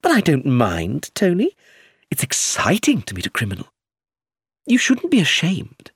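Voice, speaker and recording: A man's voice: on the high side, wildly swooping pitch, unhurried, breathy edge, no echo, clean studio sound, voice pushed up, exaggerated voice. Man putting on a teasing girlish young woman. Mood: playful. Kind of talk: audiobook character voice.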